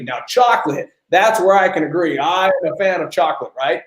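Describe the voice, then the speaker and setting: Animated man acting out stories. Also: high voice, brisk, reverberant, low-quality recording. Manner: animated storyteller, acts out quoted dialogue. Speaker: host. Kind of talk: live Q&A coaching talk.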